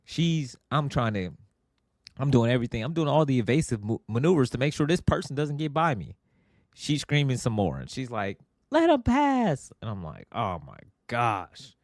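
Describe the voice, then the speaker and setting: A middle-aged man hosting a podcast, telling a family story in a casual, animated way and acting out what people said. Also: moderate pace, dry recording, clean studio sound. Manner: animated, acts out quotes with big pitch jumps. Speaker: podcast host.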